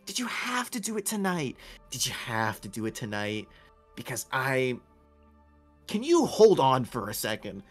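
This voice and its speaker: A man's voice: mid-range voice, wildly swooping pitch, unhurried, soft background music. A man voicing a sleepy, cranky woman warrior who is also a parasite from another world, swearing in exasperation. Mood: exasperated.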